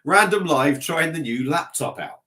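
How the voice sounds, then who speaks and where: A man with a slightly blocked nose rambles through a relaxed live stream from his desk at home. He laughs at himself, trails off and restarts often, and talks into a laptop mic. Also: on the high side, unhurried. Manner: rambling, self-mocking, chatty, reading out comments. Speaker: beer vlogger live-streaming. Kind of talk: casual live-stream chat.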